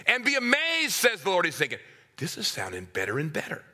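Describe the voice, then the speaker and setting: A middle-aged man preaching a sermon, swinging from hushed asides to loud, acted-out voices. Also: high-pitched, wildly swooping pitch, a little fast.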